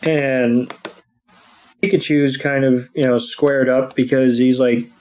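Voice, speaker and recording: A man's voice: mid-range voice, little pitch movement, slow, a little mellow, rough recording. A man co-hosting a podcast, recapping an episode in a loose, rambling way full of ums and restarts. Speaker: podcast co-host.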